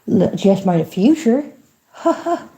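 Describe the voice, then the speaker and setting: A woman's voice: medium pitch, very animated, takes it slowly, warm tone. A woman livestreaming from home in a folksy, chatty manner, talking to her viewers and to a phone voice assistant. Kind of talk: casual livestream chat.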